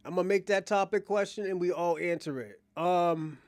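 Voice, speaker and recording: A man's voice: sits high, normal speed, darkish tone. A man co-hosting a livestream in casual chat, rambling and profane, often restarting his sentences.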